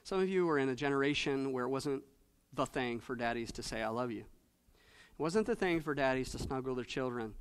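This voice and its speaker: A male pastor preaching a sermon in church, moving between soft, low asides and loud, rising exhortation with repeated emphatic phrases. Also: clear, resonant tone. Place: church sanctuary.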